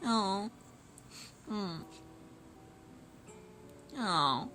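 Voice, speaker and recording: A woman chatting casually on a livestream as she sews, playful and giggly, answering chat and whining in drawn-out yelps. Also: mid-range voice, animated, bright, forceful tone, faint music behind. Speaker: streamer.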